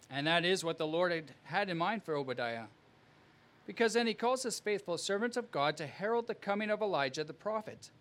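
A man preaching a sermon as pastor, with earnest, emphatic delivery and measured phrasing. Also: sits high, a bit bright.

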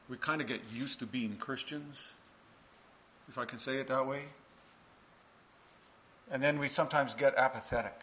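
A man's voice: mid-range voice, a bit bright, poor audio. A male minister preaching a sermon to his congregation, earnest and full of rhetorical questions.

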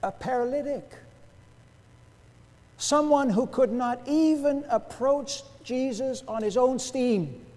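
A man preaching a sermon to his congregation, emphatic, with rhetorical questions and big swings between soft and loud. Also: extremely high pitch, slow. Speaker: pastor. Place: church sanctuary. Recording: long church reverb.

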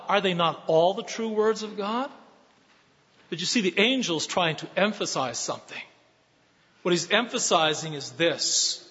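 A man preaching a sermon as pastor, earnest and building to emphatic shouts. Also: high voice, animated, a little slow. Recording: dull sound with long hall reverb.

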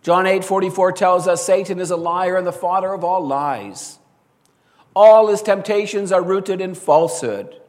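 A man preaching a sermon in an earnest, measured way, often quoting scripture and rising to stress key words. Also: high-pitched, darkish tone, in a large hall.

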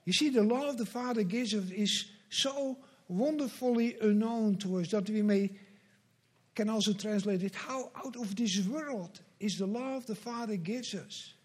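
A pastor preaching a sermon, earnest and measured, with slow emphatic repetitions. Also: male voice, high-pitched, slightly rough.

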